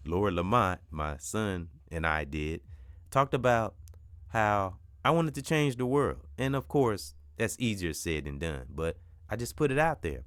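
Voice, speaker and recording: A man's voice: low-pitched, a bit bright, smooth, no room sound. A middle-aged man hosting a podcast, giving an emphatic, preachy spiritual pep talk that repeats its points and swears now and then. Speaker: podcast host.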